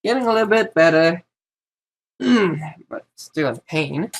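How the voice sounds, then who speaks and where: A male YouTuber delivers a casual vlog monologue directly to camera, rambling, frequently interrupting himself and offering blunt opinions. His voice is a little high and expressive, and he talks at a slow pace.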